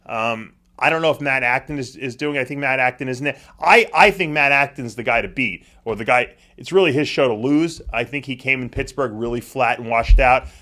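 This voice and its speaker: A man's voice: mid-range voice, brisk, hardly any pauses, pushed and bright. A man talks through listener questions in a loose, rambling way. He is full of "you know" and "uh" and often restarts his sentences. He sounds like a host speaking off the cuff in a studio. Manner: rambling, frequent fillers and restarts. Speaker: show host answering viewer questions. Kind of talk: casual live Q&A talk.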